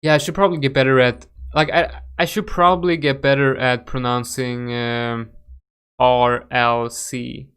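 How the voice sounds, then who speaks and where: A man's voice: medium pitch, little pitch movement, unhurried, fairly bright tone, clean tone. A young Swedish man with a Swedish accent hosting a casual crypto trading livestream, chatting loosely with viewers and often restarting his sentences. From Sweden. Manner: chatty, reacts to chat, frequent fillers and restarts. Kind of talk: casual live chart analysis.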